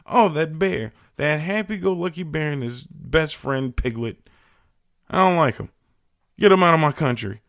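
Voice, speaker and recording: A man's voice: fairly high pitch, animated, moderate pace, vocal fry, a bit bright, no echo, studio quality, pitched above the performer's own voice. A man voicing an indignant ruler who is banishing a cartoon bear, in a huffy, mock-outraged way. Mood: mock outrage.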